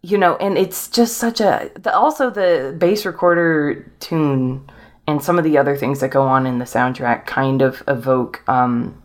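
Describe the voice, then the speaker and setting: Low-voiced woman hosting a chatty podcast. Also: unhurried. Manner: enthusiastic, laughs often, many fillers. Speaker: podcast host. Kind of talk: casual chat.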